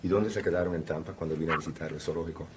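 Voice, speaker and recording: A man with a very deep voice interpreting in court, moving quickly and briskly between questions and answers. There is a faint hum of noise behind him. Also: fairly even intonation. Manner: quick and businesslike, with frequent "uh" fillers.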